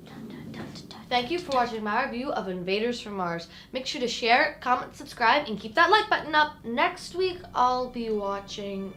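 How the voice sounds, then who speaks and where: A woman hosting a casual sci-fi movie review, talking in a chatty, animated way with lots of "like" fillers and giggly asides. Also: fairly high pitch, moderate pace, hardly any pauses.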